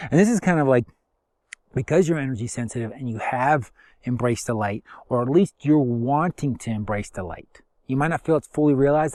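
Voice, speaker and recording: A man talks through spiritual ideas in a loose, rambling way, full of fillers and repeated affirmations. His voice sits in a middle pitch. The sound is dry and close, with no room around it. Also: darkish tone, no room sound. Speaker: spiritual teacher. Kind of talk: casual spiritual talk.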